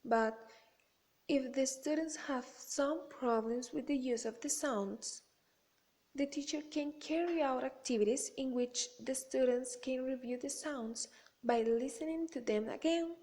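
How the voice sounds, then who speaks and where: A woman giving a read-aloud class presentation on teaching pronunciation, in a careful, measured way. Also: high-pitched, a little mellow.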